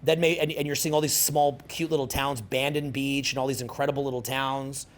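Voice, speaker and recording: A man's voice: medium pitch, brisk. A man in his forties giving a casual, rambling seminar talk, swearing freely and peppering his speech with fillers. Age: 40s. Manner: rambling, profane, animated, filler-heavy. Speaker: seminar speaker.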